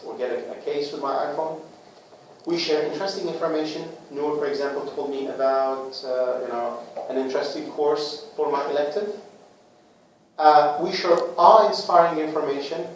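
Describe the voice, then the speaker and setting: A man presenting a book to a small group in a casual talk, with lively rhetorical questions and acted-out little scenes. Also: fairly high pitch. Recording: echoey room, far from the mic, faint noise.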